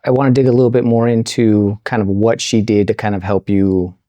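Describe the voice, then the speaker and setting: Low dark-voiced male podcast host. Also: fairly even intonation, a little fast, no echo. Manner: rambling, repeated restarts. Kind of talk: interview questions. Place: Las Vegas.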